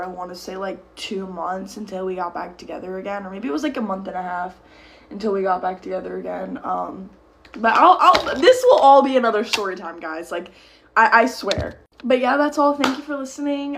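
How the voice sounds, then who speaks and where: A woman's voice: mid-range voice, a bit bright, slight background noise. A young woman telling a casual storytime to camera, rambling and heated, swearing and using lots of fillers. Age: young adult. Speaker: storytime creator. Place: at home at a mirror.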